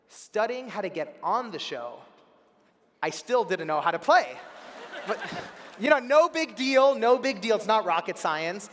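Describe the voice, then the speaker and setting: Animated young man telling a story on stage. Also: sits high. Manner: animated, acts out the people in his story, bursts of shouting. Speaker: keynote speaker. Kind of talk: storytelling keynote speech. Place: large convention center hall. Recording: long hall reverb from a PA.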